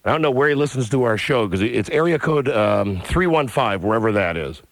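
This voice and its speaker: A man hosting a radio show, telling stories in an animated way, acting out voices and reading a listener's letter aloud. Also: mid-range voice, brisk, no echo. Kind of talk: morning radio banter and storytelling.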